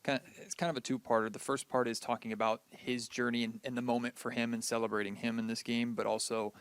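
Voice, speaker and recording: Male reporter, low flat delivery, dry mic, measured question. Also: clear, resonant tone, no echo. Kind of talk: press conference question.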